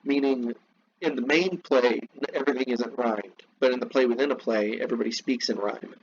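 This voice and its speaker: A man teaching a literature class, reading from a text and breaking off into slow, repeated explanations and asides to his students. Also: medium pitch, vocal fry, lo-fi sound, slight background noise. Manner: slows down to spell out terms, asides to students.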